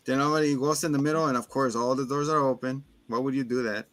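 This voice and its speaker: A man hosting a casual movie review chat, retelling scenes with animated energy. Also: mid-range voice, quick pace. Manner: animated storyteller, acts out scenes in voices. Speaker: podcast host.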